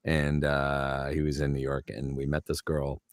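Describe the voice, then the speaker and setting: A man's voice: very deep voice, monotone, unhurried, no echo, clean studio sound. A man, a voice actor, telling rambling anecdotes in a casual interview and slipping into other people's voices for quotes. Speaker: voice actor guest.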